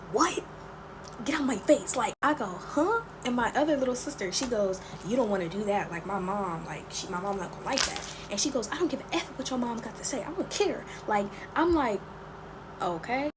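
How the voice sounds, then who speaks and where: A young woman chats through a storytime in a casual, emphatic way, her voice sitting at an ordinary middle pitch. She gets animated as she tells it. There is clear background noise under the recording. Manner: chatty, emphatic, animated retelling. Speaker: storytime vlogger. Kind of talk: casual storytime while making slime.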